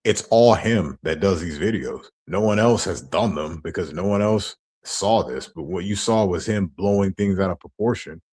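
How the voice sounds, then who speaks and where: A man's voice: low voice, normal speed, few pauses, a little mellow, breathy edge. A man ranting on his stream, heated and profane as he tells his side of a feud. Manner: angry, profane storytelling.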